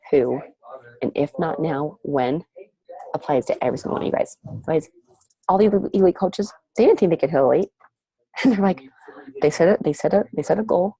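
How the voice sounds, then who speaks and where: A woman's voice: sits low, creaky, warm tone, husky, dry recording. A woman leading a team of fitness coaches on a video call, giving a gushing motivational talk full of exclamations and repeated phrases.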